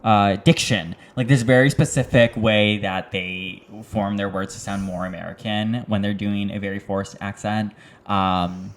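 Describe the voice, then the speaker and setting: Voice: low-pitched, steady tone, unhurried. A podcast co-host in casual chat, rambling and searching for words with lots of fillers.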